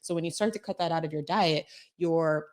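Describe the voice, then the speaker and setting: A woman's voice: deep voice, fairly quick, darkish tone. A woman co-hosting a health podcast, explaining things in a chatty way with acted-out little asides. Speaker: podcast co-host, health coach. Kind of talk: casual podcast chat.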